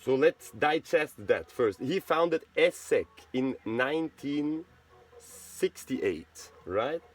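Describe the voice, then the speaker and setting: A man's voice: on the high side, lively intonation, slow. Swiss german accent guy just talking on and on, keeps saying right?, repeats himself a lot. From Switzerland. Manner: rambling, repeats words, asks "right?". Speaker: channel host. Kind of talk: casual monologue.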